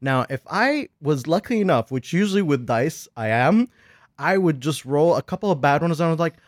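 A man recounting a board game session in lively, animated storytelling, laughing as he goes and acting out what everyone said. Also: fairly high pitch, normal speed, dry recording, clean studio sound. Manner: lively, laughs while telling, acts out his own quotes. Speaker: podcast guest host.

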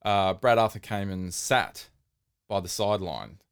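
A man co-hosting a casual sports podcast, telling stories with rising excitement and mock outrage. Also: deep voice, measured pace, clear, resonant tone. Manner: animated storytelling, gets loud and excited retelling. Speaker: podcast co-host.

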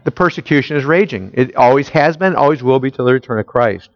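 A man's voice: mid-range voice, animated, fast. Guy preaching a sermon, keeps asking the crowd questions, dull muffled recording, no room echo. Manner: quizzes listeners, fills in his own questions. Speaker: pastor. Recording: dull lo-fi, dry.

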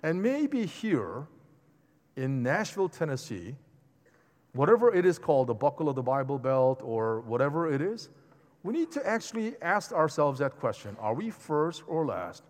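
Man preaching, higher voice, lively pitch, chatty asides, church hall echo. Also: moderate pace. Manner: animated, conversational preaching with asides to the congregation. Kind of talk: sermon. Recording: long hall reverb.

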